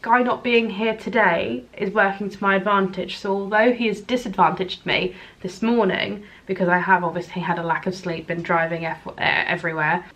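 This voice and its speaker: A woman's voice: medium pitch, steady tone, normal speed, few pauses, fairly bright tone. A woman in her late twenties from England, chatting casually and rambling in a vlog. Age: 20s. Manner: chatty, rambling, self-deprecating. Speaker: vlogger.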